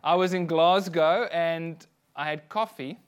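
South African male minister, fairly high voice, lively anecdotal sermon delivery. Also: unhurried, slight background noise. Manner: animated, lively storytelling with frequent asides.

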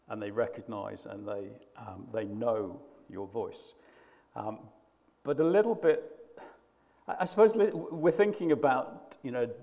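Hesitant preacher in a reverberant hall. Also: male voice, medium pitch, creaky, mellow. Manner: hesitant, frequent restarts and fillers. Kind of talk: sermon.

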